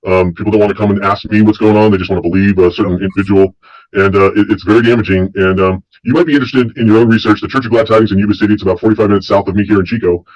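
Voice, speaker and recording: Rapid low-voiced man on a dull line. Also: fairly even intonation, darkish tone, no room sound. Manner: earnest, halting with fillers. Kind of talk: casual conversation.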